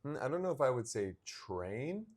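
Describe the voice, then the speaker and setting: A man in his thirties, co-hosting a casual podcast chat and telling a personal story, acting out the remembered dialogue with animated energy. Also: mid-range voice, moderate pace. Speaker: podcast co-host.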